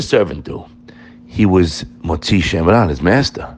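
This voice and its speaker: A man's voice: low voice, animated, a little slow, slight background noise. A man teaching an informal Torah class, emphatic and addressing his listeners directly.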